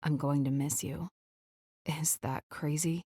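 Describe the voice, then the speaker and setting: Brief: a woman reading as a guarded young rock star, hushed and low-pitched, bone-dry studio sound. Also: normal speed, no echo, natural voice. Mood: tender. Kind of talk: audiobook character voice.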